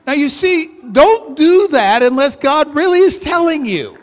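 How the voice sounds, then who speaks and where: A strikingly high-pitched male preacher tells stories from the pulpit, acting out each exchange with lively voices. His words ring out with a long, echoing reverb from the hall. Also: a little slow. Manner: animated, acts out dialogue in stories. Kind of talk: storytelling sermon.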